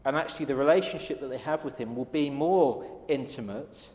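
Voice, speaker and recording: A man's voice: mid-range voice, brisk, a little mellow. A man preaching a sermon, earnest and storytelling, acting out little exchanges as he goes. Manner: earnest, storytelling with quoted dialogue. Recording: echoey hall with long reverb.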